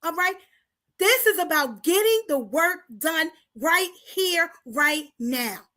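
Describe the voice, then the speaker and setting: High, bright-voiced woman rallying her community. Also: lively intonation, takes it slowly. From Paterson, New Jersey. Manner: preachy call-and-response, rallying the audience; talks straight to the viewers, repeating lines for emphasis. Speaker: host of a community talk show. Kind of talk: impassioned community address.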